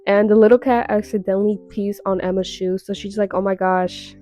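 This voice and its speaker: A woman's voice: medium pitch, fairly even intonation, fairly quick, mellow, soft background music. A young woman casually recapping a webtoon, chatty and full of fillers with dramatic little reactions.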